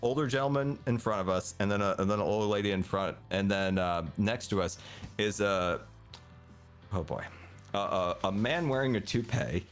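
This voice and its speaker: A man's voice: normal speed, soft background music. A man in his thirties casually telling a story as podcast co-host, acting out other people's voices. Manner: animated, acts out other people's voices with big pitch jumps.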